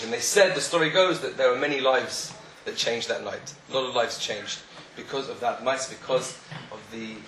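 A man telling a story in a sermon, animated, acting out the voices of the people in it. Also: medium pitch, moderate pace, hardly any pauses, a little hiss or hum. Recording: echoey room, faint ambience.

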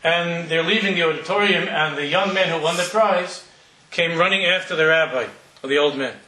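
A man's voice: on the high side, moderate pace, sharp tone. A middle-aged man, a rabbi, tells a story during a talk, speaking in a conversational, digressive way with frequent restarts. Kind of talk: sermon storytelling. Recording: roomy hall from far off.

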